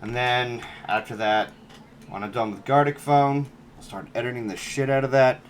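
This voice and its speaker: A man's voice: mid-range voice, steady tone, moderate pace, slight background noise. A man hosting a casual livestream, chatting laid-back while he edits, often trailing off mid-sentence. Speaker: streamer host. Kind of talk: casual chat while editing on stream.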